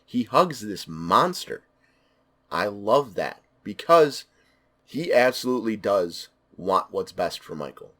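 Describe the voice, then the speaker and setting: A man talks through a film in a loose, unscripted review. His voice sits on the lower side, and he leans on repeated words to stress what he loves. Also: sing-song, slow, bright, forceful tone. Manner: enthusiastic, emphatic repetition. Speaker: movie reviewer. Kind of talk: casual spoken film review.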